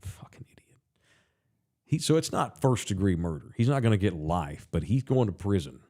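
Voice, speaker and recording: Man, podcast co-host, lively pitch, casual chat, swears freely. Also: fairly quick. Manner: animated, swearing, pitches ideas excitedly.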